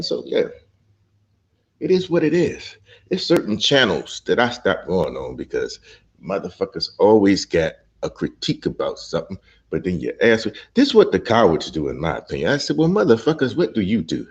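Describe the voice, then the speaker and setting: A man's voice: medium pitch, vocal fry, dull audio. A middle-aged man ranting as a panel guest, blunt and profane. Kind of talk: ranting commentary.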